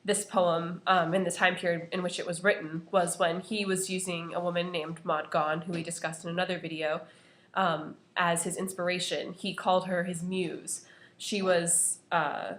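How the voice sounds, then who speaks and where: A woman's voice: on the low side, flat delivery, moderate pace, fairly bright tone. A young woman presenting an analysis of a poem to her class, earnest and full of "you know" fillers. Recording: echoey room.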